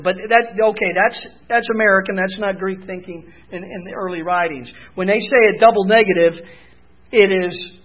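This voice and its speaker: A male pastor preaching a sermon, building to loud emphatic peaks and then dropping soft. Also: sits high, lo-fi sound.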